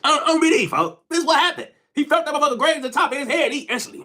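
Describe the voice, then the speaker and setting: A young man who tells stories and jokes on a live stream, animated and profane, saying "folks" constantly. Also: very high voice, racing, few pauses. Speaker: livestreamer. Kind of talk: storytelling and joking on a live stream.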